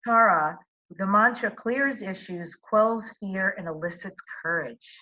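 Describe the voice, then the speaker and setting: Host, woman, bright forceful voice, encouraging interviewer, dull lo-fi sound. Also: medium pitch, a little slow. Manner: encouraging, asks follow-up questions. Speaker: podcast host. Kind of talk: interview hosting.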